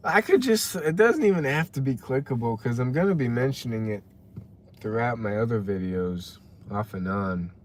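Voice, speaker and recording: A man's voice: mid-range voice, lively intonation, normal speed, darkish tone, a little hiss or hum. A young man chatting casually on a live stream, rambling and greeting viewers by name as he reads the chat. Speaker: livestreamer reading chat.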